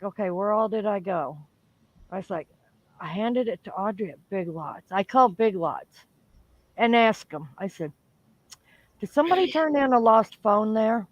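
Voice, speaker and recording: A woman's voice: medium pitch, no room sound, lo-fi sound. A woman telling a story in casual chat, acting out what people said. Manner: chatty, acts out quotes.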